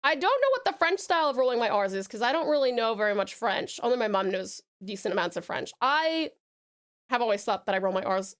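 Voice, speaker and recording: Aussie woman streaming, high voice, chatty and affectionate, reads out chat and rolls her r's. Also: big pitch swings, fast talker, clean tone. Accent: Australian. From Australia. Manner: affectionate, reads chat aloud, calls viewers darling and sweetheart; demonstrates purring and rolled R's. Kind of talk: casual live-stream chat.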